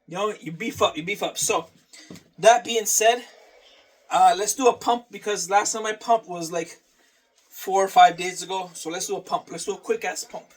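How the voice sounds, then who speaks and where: A man's voice: high-pitched, normal speed, far from the mic. A man talking casually through his day and a workout, repeating phrases and swearing offhand. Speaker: vlogger.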